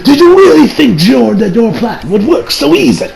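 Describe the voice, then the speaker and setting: A man puts on a furious villain's voice from a cartoon fight, shouting insults in a high, gravelly tone. The villain taunts from his mirror world. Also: big pitch swings, moderate pace, crowd noise, exaggerated voice. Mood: taunting.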